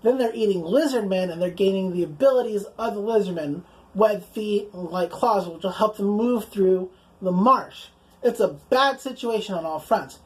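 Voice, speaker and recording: A young woman casually recapping anime episodes, chatty and relaxed, full of "like" and casual swearing. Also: mid-range voice, normal speed, low-quality recording. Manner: chatty, fills speech with "like", swears casually, acts out quoted lines in passing. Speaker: anime reviewer.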